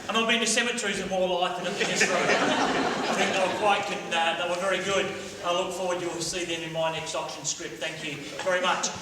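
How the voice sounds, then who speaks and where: High-voiced guy judging, chatty and wry, far away in a boomy hall. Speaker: guest judge. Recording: distant echoey hall with noise.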